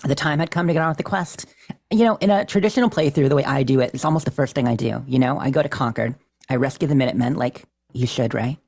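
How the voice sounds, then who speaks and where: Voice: mid-range voice, fast talker, darkish tone. A chatty podcast co-host recapping a game session with a medium voice. The delivery is self-deprecating and easygoing, and laughs come often. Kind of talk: casual chat recapping a game playthrough.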